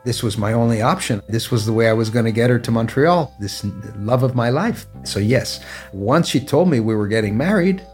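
Canadian man telling stories, soft guitar behind. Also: medium pitch, lively intonation. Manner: measured, anecdotal, with laughs. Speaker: interviewee. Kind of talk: reflective storytelling interview. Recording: faint guitar music underneath.

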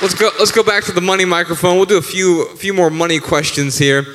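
A male podcast co-host speaking at a live event, measured and reflective, brisk when moderating audience questions. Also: high-pitched, fairly even intonation, a bit bright, big-room sound, some chatter behind.

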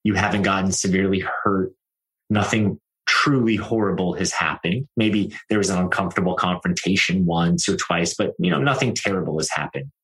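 A man who works as a life coach, talking in a calm, reassuring and reflective way. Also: low voice, normal speed, low-quality recording. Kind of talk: conversational coaching talk.

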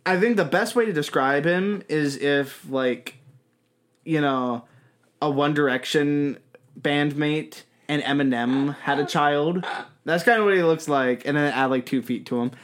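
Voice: mid-range voice, unhurried. A co-host in casual chat who teases and banters. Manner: teasing, lively banter.

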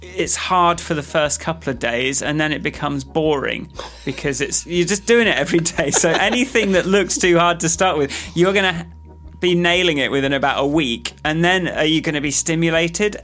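Man, podcast co-host, rambling casual chat, slightly raised pitch, lots of fillers. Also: normal speed, few pauses, a bit bright. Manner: rambling, full of restarts and fillers. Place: office building with workers nearby.

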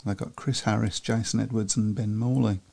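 A man's voice: lowish voice, fairly even intonation, moderate pace, vocal fry, darkish tone. A man co-hosting a podcast in a chatty way, reading out scores and listener comments. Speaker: podcast co-host. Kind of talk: casual chat about speedway.

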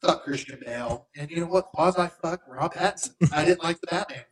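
A man's voice: a little high, brisk, poor audio. A man in his thirties co-hosting a casual podcast, talking in a heated, emphatic, profane way. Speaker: podcast co-host.

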